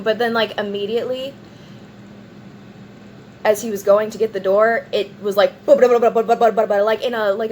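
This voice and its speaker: A woman's voice: medium pitch, slight background noise, rough recording. A woman casually telling a long personal story in a vlog, rambling with lots of "like" and acting out what people said. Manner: rambling, animated retelling with many "like"s and acted-out quotes. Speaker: vlogger.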